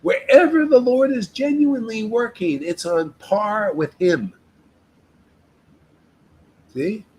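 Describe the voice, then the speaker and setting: Man, informal spiritual talk, emphatic and exhorting, slightly higher voice, faint background hiss. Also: slow, long pauses, a little mellow, rough recording. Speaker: devotional meetup leader.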